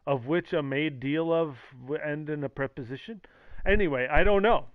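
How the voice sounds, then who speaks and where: A man's voice: a little high, moderate pace, dry recording. A man streaming, rambling casually with sarcastic jokes and acted-out quotes. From the Valley. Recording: dull lo-fi mic, dry.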